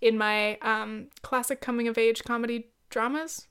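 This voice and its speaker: A woman's voice: a little high, steady tone, normal speed, a bit bright, clean tone. A woman hosting a podcast, telling a casual story in a blunt, profane way and laughing often. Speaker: podcast host.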